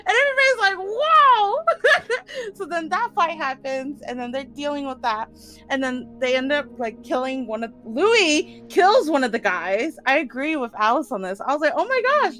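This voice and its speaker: A woman casually recapping the last tabletop session, animated, laughing and swearing often. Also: high-pitched, normal speed, soft background music.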